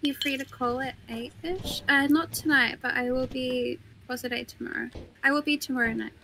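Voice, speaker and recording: A woman's voice: sits high, steady tone, moderate pace, gravelly, pushed and bright, a little hiss or hum. A young woman streaming a game, chatting casually and playfully, laughing often and teasing her co-player. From half British, mother from Kent. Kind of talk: casual chat while gaming.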